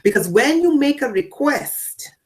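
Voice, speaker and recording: A woman giving a spiritual talk to her audience. She repeats phrases for emphasis and swings between loud declarations and low asides. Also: big pitch swings, unhurried. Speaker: spiritual teacher.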